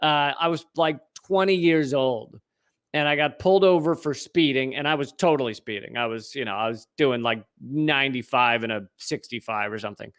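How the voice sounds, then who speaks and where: A man's voice: mid-range voice, moderate pace, fairly bright tone, clear, resonant tone. A man co-hosting a comedic podcast, telling stories casually with frequent restarts and swearing. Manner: storytelling with frequent restarts, swears, laughs easily. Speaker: podcast co-host.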